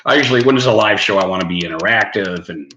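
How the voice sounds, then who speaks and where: A man's voice: fairly low pitch, fast talker, sharp tone, dull audio. A man hosting a casual late-night live stream who chats with viewers in the comments, rambling, swearing and laughing at his own lines. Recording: echoey room, faint background noise.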